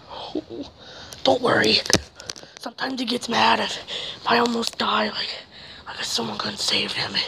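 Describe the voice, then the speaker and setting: A woman performs every part of a homemade zombie drama, her voice pitched high and edged with a gravelly fry. She moves between shouted curses and hushed whispers, with faint noise behind her.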